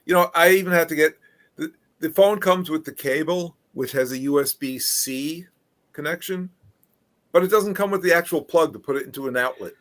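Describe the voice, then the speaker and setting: A man's voice: on the high side, normal speed, fairly bright tone. A man chatting as a guest on a live stream, hesitant and trailing off mid-thought. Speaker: chat guest. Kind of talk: casual chat.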